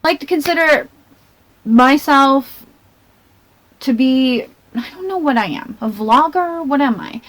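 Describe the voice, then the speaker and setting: A woman vlogger talking to her laptop camera in a rambling, self-mocking way, thinking out loud and jumping between tangents. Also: sits high, lively intonation, unhurried, long pauses. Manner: chatty and self-mocking, laughs between phrases. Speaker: vlogger and channel host. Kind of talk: casual talking-to-camera commentary.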